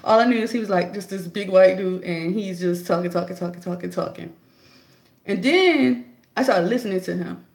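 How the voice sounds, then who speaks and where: A young adult woman vlogging a casual, chatty opinion monologue, telling her story in an animated way. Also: moderate pace, roomy sound. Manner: chatty, animated storytelling, jumps high to act out her own quotes.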